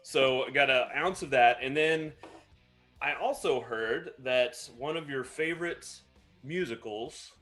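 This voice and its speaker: A man's voice: mid-range voice, unhurried, a bit bright, faint music behind. A man co-hosting a casual live stream, rambling and joking at himself as he explains a cocktail. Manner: rambling, self-mocking explanations. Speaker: co-host mixing cocktails.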